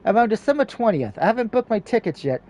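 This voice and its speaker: A cheerful, caring young man reassures his little sister in a game's story, his voice high and mellow, as a man reads his lines. He speaks gently and fondly. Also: sing-song, fast talker. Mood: reassuring. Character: kind cheerful older brother, student.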